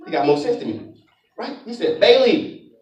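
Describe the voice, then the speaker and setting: A man's voice: high voice, big pitch swings, normal speed, darkish tone, recorded from a distance, muffled recording. A young man giving a live motivational talk on stage in a large conference auditorium, calling out to the audience like a preacher. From Florida, US. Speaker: motivational speaker. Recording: echoey hall, speaker off-mic.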